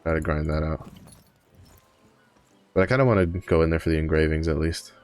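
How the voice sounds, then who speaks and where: A man's voice: extremely low pitch, steady tone, fairly quick, smooth, dry recording, soft background music. A man streaming a game, chatting casually and rambling with many fillers and self-corrections, sounding a bit tired. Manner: yawning, tired. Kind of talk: casual live-stream commentary.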